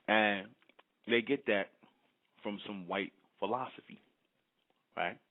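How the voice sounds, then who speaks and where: A man with a very low voice preaches in a monologue, driving each point home and restating it. He chews as he talks, and the sound is thin and tinny, like a phone line. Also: takes it slowly. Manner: emphatic, repeats and restates points; chewing while talking. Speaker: vlogger.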